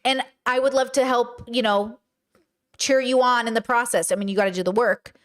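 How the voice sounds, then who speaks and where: A young adult woman hosting a casual livestream commentary, blunt and animated, now and then slipping into silly voices and sung bits. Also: on the high side, normal speed. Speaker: podcast host and live streamer.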